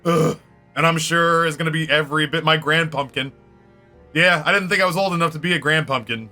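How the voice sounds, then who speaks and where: A man with a bright, fairly high voice spins a rowdy tale while streaming a game. He swears freely and breaks into laughs. Faint music plays behind him. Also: a little fast. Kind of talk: casual storytelling during a game stream.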